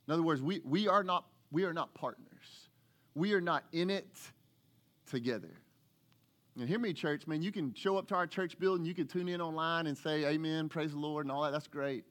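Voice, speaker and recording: A man, preaching a sermon as lead pastor, animated and acting out the voices of the people he talks about. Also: a little high, moderate pace. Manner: animated preacher, acts out voices, rises to excited shouts.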